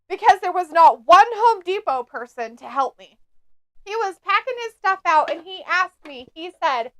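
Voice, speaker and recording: A woman's voice: extremely high pitch, a bit bright, no room sound. A woman co-hosting a live stream, chatting casually, laughing often and reading viewer comments aloud. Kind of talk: casual watch-along chat.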